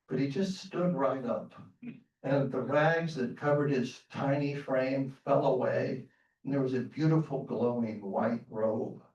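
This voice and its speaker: Man storyteller on stage, lively, higher voice, roomy theater sound, from far off. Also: lo-fi sound. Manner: lively, asks the audience questions. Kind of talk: live folktale storytelling to an audience.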